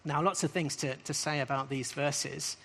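With a slightly high, steady, fairly bright voice at a moderate pace, a man teaches scripture to a live group as a preacher, with slight background noise. He speaks emphatically, repeats key phrases, and often wraps up points with a rising question.

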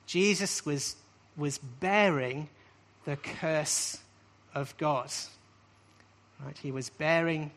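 A man with a slightly high voice preaches to a live group. His delivery is emphatic, and he stresses key phrases by saying them again. He often finishes a point with a questioning "right?". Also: very slow, a bit bright. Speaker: preacher teaching on scripture. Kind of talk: sermon-style teaching.

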